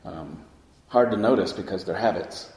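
Low-voiced man giving a reflective dharma talk. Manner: reflective, unhurried, pausing often with soft fillers. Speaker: meditation teacher. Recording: roomy hall with long reverb.

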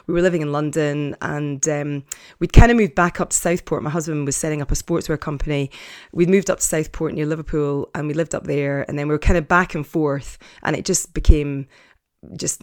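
A woman's voice: low-pitched, dry recording, clean studio sound. A woman in her late forties or fifties, a former TV presenter, chatting openly about her life with lots of fillers and restarts. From Scotland. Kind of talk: personal storytelling to camera.

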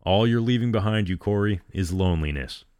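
A steady, duty-bound male space captain, as a narrator plays him, speaking evenly and firmly. The voice is low, and the sound is dry and close. It comes from a read-aloud story. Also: a little fast, dry recording, close to an everyday voice. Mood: soothing. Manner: even, firm.

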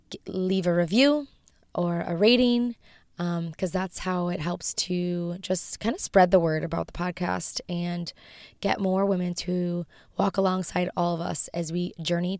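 A woman hosts a devotional show, teaching and leading spoken prayer. Her voice is raspy and low-pitched, and she speaks gently, often falling to a whisper. The sound is close and dry, with no room around it. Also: dry recording. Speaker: podcast host.

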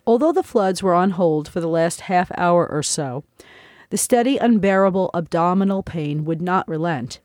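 A woman narrating her own memoir as an audiobook, slow, reflective and heartfelt. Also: lowish voice, darkish tone, no room sound, studio quality.

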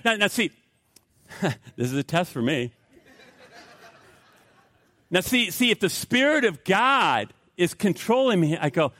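A middle-aged man preaching with a lively, swooping delivery that climbs into sudden emphatic bursts. His voice sits a little high for a man. The sound is close and dry. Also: a little slow, pauses often, no room sound. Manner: emphatic, repetitive, with rising outbursts. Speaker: pastor. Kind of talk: sermon.

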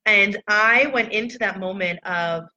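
A woman with a bright, forceful voice shares personal reflections in a candid, loose way. She talks casually to her followers, and the sound is dull and lo-fi. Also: medium pitch, a little slow, slight background noise. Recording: dull lo-fi recording.

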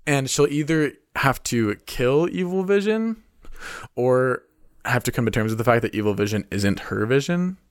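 A man's voice: mid-range voice, animated, normal speed, clear, resonant tone, dry recording, studio quality. A young man co-hosting a podcast, talking in a playful, rambling, joking way as he shares his theories. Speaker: podcast co-host. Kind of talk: casual chat.

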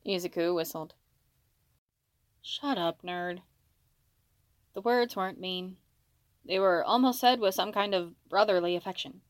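A woman's voice: mid-range voice, normal speed, no room sound. A woman reading a fan fiction story aloud, voicing the dialogue with small shifts for each character. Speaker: fanfiction reader. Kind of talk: audiobook-style story narration.

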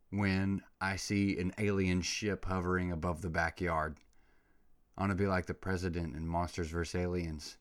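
A man hosting his own comedy podcast, rambling excitably and throwing in slang like "dude" and "bro" as he rants. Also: sits low. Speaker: podcast host. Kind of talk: comedic solo podcast rant.

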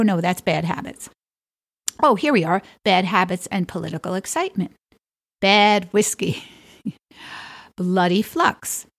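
A woman's voice: on the low side, no room sound. Middle-aged woman doing a solo podcast, wry and playful, dead dry sound. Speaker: podcast host. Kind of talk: solo podcast reading a list with wry asides.

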